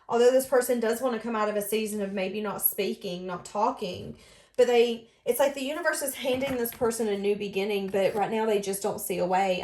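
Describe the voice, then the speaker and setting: A woman's voice: mid-range voice, reverberant. A woman giving a casual tarot reading in an earnest, emotive way, often speaking as if she were the other person. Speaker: tarot reader.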